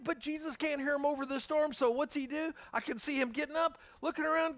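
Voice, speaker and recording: A male pastor preaching a sermon in an animated, joking storytelling manner, acting out the characters' cries. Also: extremely high pitch, brisk, hardly any pauses, dry recording. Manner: animated, jokey storytelling, acts out voices. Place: church.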